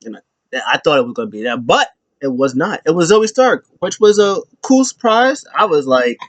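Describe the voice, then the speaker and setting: A man casually recapping a wrestling show alone, rambling with lots of fillers and slipping into high voices for quotes. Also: very animated, moderate pace, no echo, dull audio.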